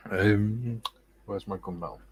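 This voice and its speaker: A man with a British accent hosting a relaxed livestream, reading viewer comments aloud and chatting casually with joking asides. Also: lowish voice, slow, breathy edge. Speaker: livestream host.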